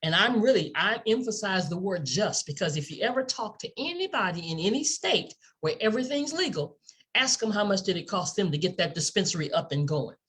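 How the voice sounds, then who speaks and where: Female presenter, lively swooping delivery, husky edge, hard-sell enthusiasm, rhetorical questions. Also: medium pitch, a little fast. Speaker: company presenter. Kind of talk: sales pitch presentation.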